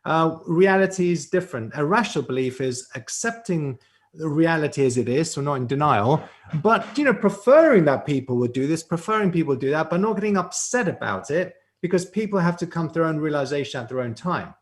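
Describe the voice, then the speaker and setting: A man on a live-streamed mental health panel who explains ideas in a calm, measured way. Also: fairly high pitch.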